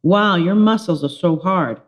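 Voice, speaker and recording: A woman's voice: lowish voice, a little slow. A woman voicing a gushing fourth-grade girl who coos and fusses adoringly over a boy, in a children's storybook reading. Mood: coy. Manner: breathless, cooing and swooning.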